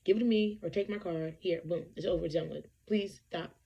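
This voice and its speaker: A woman playing steady boyfriend, soothing, low-pitched, raspy edge, waves off money worries. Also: brisk, highs cut off. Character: reassuring generous boyfriend, adult man.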